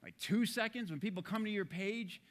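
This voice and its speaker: A middle-aged man giving a comedic keynote talk to an audience, jokey and animated, with many fillers. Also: sits high, normal speed. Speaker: speaker.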